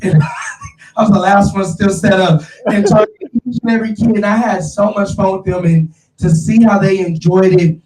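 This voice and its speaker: Excitable slangy guy hosting a chat, high voice, sits back from the mic in an echoey room. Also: normal speed, distant mic. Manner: animated, slangy, addresses listeners as y'all. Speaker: show host. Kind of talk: casual chat. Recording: roomy, off-mic sound.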